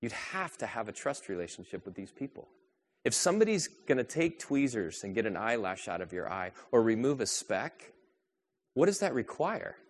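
A man's voice: mid-range voice, slight background noise. Man preaching a sermon. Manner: preaching with rhetorical questions, shifting from soft to raised. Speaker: pastor.

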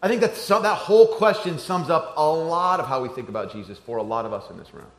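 In a church with roomy echo, a pastor delivers a sermon to the crowd in a high-leaning, animated and fast voice. He talks as if in conversation, alternating between hushed and emphatic passages.

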